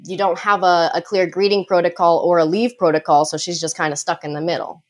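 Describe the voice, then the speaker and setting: A woman's voice: fairly low pitch, steady tone, a little fast. A woman guest on a podcast interview, a dog behavior consultant explaining things confidently with light laughs.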